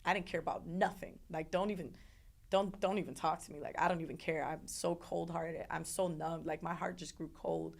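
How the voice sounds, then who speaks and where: A woman's voice: fairly low pitch, fairly even intonation, fairly quick, vocal fry. A young woman telling a painful personal story as an interview guest, earnest and repetitive, sometimes acting out what others said. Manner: earnest, repeats words, acts out others' voices.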